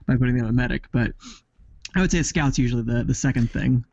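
A man's voice: mid-range voice, quick pace, a little mellow, lo-fi sound. A man co-hosting a podcast in casual chat, talking things through with dry, sarcastic humor. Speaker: podcast co-host.

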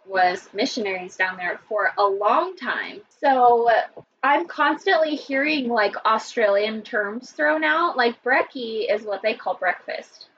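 A woman co-hosting a podcast in casual chat, telling a story in an animated way. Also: on the high side, measured pace. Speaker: podcast co-host. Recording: distant mic, dull sound, faint noise.

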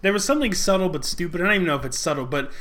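A man's voice: high voice, rapid-fire. A man co-hosting a casual podcast chat, telling stories animatedly with laughter and word-nitpicking. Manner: animated, laughing storyteller who nitpicks words. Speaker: podcast co-host. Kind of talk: casual chat recapping an anime.

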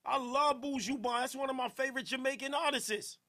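A man hosting a podcast in casual, playful, slangy chat, giving loud shout-outs to listeners. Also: extremely high pitch, fairly even intonation, fairly quick. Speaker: podcast host.

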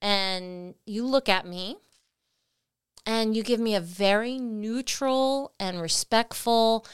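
A woman co-hosting a podcast, telling a personal story in a lively way and acting out her own past words. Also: a little high, takes it slowly, clear, resonant tone, no echo, clean studio sound. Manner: animated, acts out her own past lines. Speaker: podcast co-host. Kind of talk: storytelling conversation.

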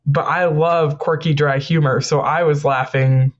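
Guy with a pretty high voice gabbing about a movie, laughs a lot, kinda dull lo-fi audio. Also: a little slow. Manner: animated, laughs often, acts out characters' lines. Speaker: podcast co-host. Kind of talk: casual movie review chat.

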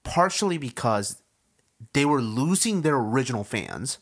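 A man's voice: mid-range voice, big pitch swings, moderate pace. A man co-hosting a podcast in casual chat, opinionated and teasing, often breaking into laughter. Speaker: podcast co-host.

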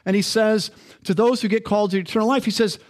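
A man's voice: high voice, steady tone, fast. A male pastor preaching a sermon in a conversational, interactive way, often asking the congregation questions.

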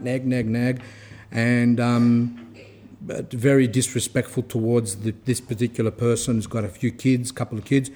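Male speaker for an informal religious talk; warm, mellow, mid-pitched storyteller who acts out the dialogue. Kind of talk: informal lecture with anecdotes.

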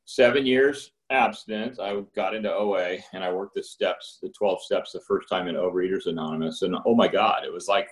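A man's voice: fairly quick, hardly any pauses. A middle-aged man giving a candid, rambling personal testimony at a recovery meeting, with restarts along the way. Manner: candid and rambling, with restarts, acting out phone calls in higher voices. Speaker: speaker sharing at a recovery meeting.

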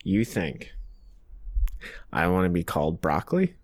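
A man's voice: deep voice, sing-song, a little slow. A man in his twenties co-hosting a comedy podcast, trading dry, teasing comebacks in casual chat. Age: 20s. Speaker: podcast co-host.

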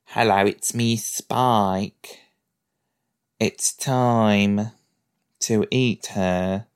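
A man putting on a slow, quiet voice of a hungry, sly male vampire. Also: lowish voice, steady tone, smooth.

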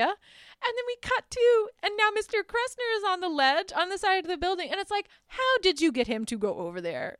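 A young woman casually recapping a film's plot, animated and profane, with lots of filler words. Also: very high voice, no echo, studio quality. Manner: animated, swearing, many "like"s and "um"s; acts out characters' lines in quick voices. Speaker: podcast host.

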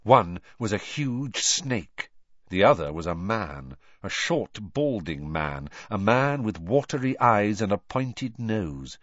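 A low-voiced man reading a storybook aloud, with a lively, swinging delivery. He tells it with dramatic expression. The recording is dull and dry. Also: slow pace, no room sound. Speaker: audiobook narrator. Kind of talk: scripted narration.

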